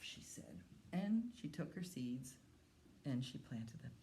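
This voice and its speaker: Children's librarian, woman, slow and sing-song story-time delivery, lower voice that swoops a lot. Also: very animated, dark tone.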